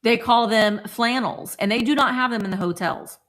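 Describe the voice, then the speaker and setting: A woman's voice: fairly high pitch, normal speed, a bit bright. A woman hosting a live vintage sale, chatting casually with playful, rambling asides. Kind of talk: casual live-stream selling chat.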